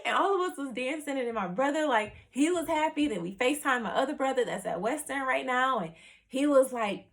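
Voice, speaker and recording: A young woman vlogger telling a personal story in a chatty, animated way, full of "like" and "you know.". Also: sits high, a little fast. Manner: animated, acts out her family's reactions.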